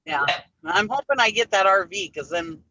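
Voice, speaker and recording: A woman's voice: medium pitch, expressive, normal speed, bright, forceful tone, muffled recording. A woman in her forties with a Finnish-influenced Upper Midwest accent, chatting and laughing as a co-host. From northern Wisconsin. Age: 40s. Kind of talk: casual chat.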